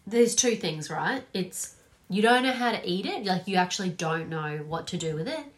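Chatty Australian woman, low voice. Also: moderate pace. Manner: animated, swears casually, acts out quotes. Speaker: podcast co-host. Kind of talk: casual chat.

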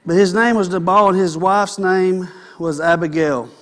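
Folksy preacher man, high voice. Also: normal speed. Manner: folksy, conversational preaching with asides to the congregation. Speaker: pastor. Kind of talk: sermon.

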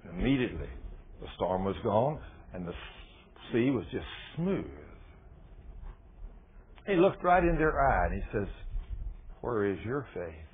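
A man preaching a sermon, telling stories dramatically and swinging from loud exclamations to hushed, low lines. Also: very animated, unhurried, pauses often, slight background noise. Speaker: pastor. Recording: tinny phone-like sound.

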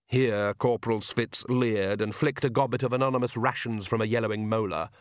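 A male narrator reads a comic fantasy story in a measured, wry voice. His pitch sits in the middle range, and the recording is close and dry with no room sound. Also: no echo. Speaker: audiobook narrator. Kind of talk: scripted narration.

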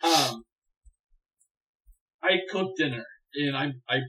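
A young man chatting as a podcast guest, telling animated stories and laughing often. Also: a little high, slow pace, low-quality recording. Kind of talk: casual chat.

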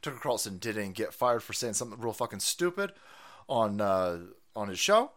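A man's voice: lowish voice, animated, moderate pace. Foul-mouthed ranting man streamer. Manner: angry, mocking, foul-mouthed, shouting bursts. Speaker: political streamer. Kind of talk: profane live-stream rant.

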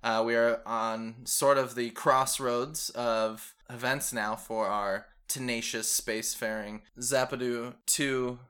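A man's voice: mid-range voice, fairly even intonation, takes it slowly, hardly any pauses, a bit bright, clear, resonant tone. A man hosting a tabletop game podcast as the game master, joking and rambling with lots of fillers. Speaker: dungeon master and host.

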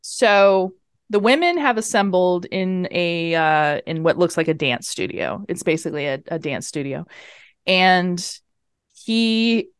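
In a clean studio recording with no room sound, a woman co-host speaks at a measured pace in a fairly low, smooth voice. Her casual film recap is lively, full of acted-out character quotes and plenty of swearing.

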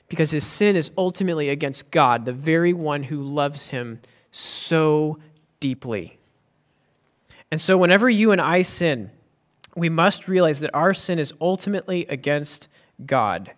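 A man preaching a sermon as pastor, earnest and emphatic, often restarting his sentences. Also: fairly high pitch.

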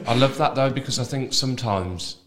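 A man's voice: medium pitch, brisk, a bit bright. A man hosting a podcast interview, thoughtful and affirming as he reflects on the guest's story. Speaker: podcast host. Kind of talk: casual interview chat. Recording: roomy echo.

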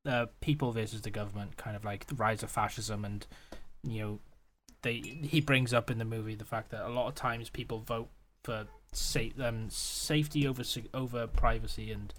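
A man's voice: on the low side, steady tone, moderate pace, a bit bright, a little hiss or hum. A young man co-hosting a casual podcast chat, rambling, laughing often and swearing freely. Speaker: podcast co-host.

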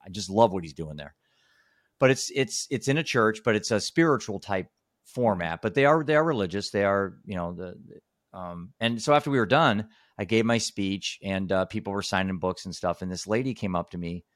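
Deep-voiced man in casual conversation. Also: moderate pace, dry recording, clean studio sound. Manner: rambling, frequent restarts and "you know". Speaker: podcast host and speaker.

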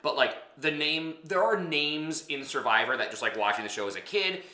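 A man co-hosting a casual podcast, with a bright, forward voice. He rambles and hedges his points with lots of fillers. The room around him is echoey. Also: a little high, normal speed. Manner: rambling, hedging with many fillers. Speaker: podcast co-host. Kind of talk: casual chat.

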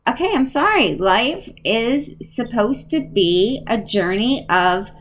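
Slow, supportive woman host. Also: fairly high pitch, very animated, slight background noise, rough recording. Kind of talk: interview talk.

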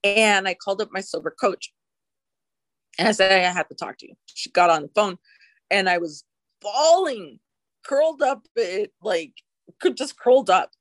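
A woman's voice: mid-range voice, animated, normal speed, pauses often, no room sound. A woman sharing her personal recovery story in an interview, talking in an emotional, frank way with occasional swearing.

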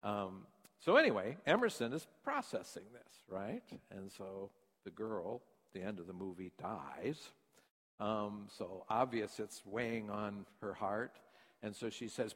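A man's voice: lowish voice, lively intonation, a little slow. An older man preaching a casual sermon as a pastor. He tells a story in a folksy way and asks the congregation questions. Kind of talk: conversational sermon. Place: church sanctuary. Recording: long church hall reverb.

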